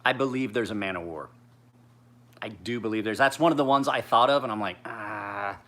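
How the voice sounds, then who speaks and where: Man, forties, tired, profane, rambling casual chat, bright sharp voice. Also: medium pitch, fairly quick. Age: 40s. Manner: profane, rambling, laid-back. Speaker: knife sharpener and maker.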